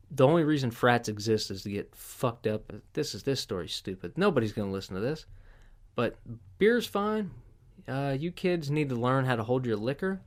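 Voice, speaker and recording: A man hosting a podcast, reading news headlines aloud and riffing on them with crude, profane sarcasm. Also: medium pitch. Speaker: podcast host. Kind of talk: casual news commentary.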